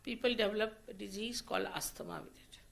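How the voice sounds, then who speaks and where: A woman giving a slow, deliberate spiritual lecture, in a 1990 archive recording. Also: medium pitch, wildly swooping pitch, vocal fry. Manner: slow, deliberate teaching with rising emphasis. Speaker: spiritual teacher.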